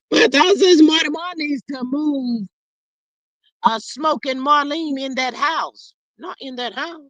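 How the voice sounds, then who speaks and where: Reading viewers' comments in a laid-back gossip stream, the host responds with sassy, animated reactions and keeps saying "child." The voice sits high and moves slowly, with long pauses and no echo.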